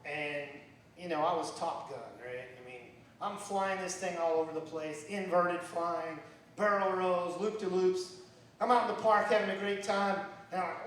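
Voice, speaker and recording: A man's voice: normal speed, a little hiss or hum. A man in his fifties with a Southern American accent, telling wry stand-up stories at an open mic in a bar. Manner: wry storytelling with lively swings in pitch. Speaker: stand-up comic. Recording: echoey bar recorded from far off.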